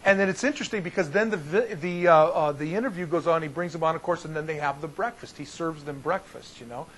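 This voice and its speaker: A man teaching as a pastor in an informal Bible study, talking in a folksy, animated way and often restarting his sentences. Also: a little high, fast talker, breathy edge, rough recording.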